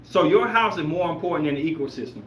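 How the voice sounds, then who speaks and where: A man hosting a podcast, chatting casually and reacting to viewer comments in an animated, emphatic, rambling way. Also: a little high, quick pace, a little hiss or hum. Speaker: podcast host. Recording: roomy echoey room.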